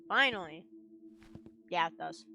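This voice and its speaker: A woman's voice: on the low side, a little slow, vocal fry. A young woman streaming a horror game, chatting casually, swearing freely and bursting out when frustrated, with game music playing behind her. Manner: blunt, swears freely, excitable outbursts. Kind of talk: casual gaming stream commentary.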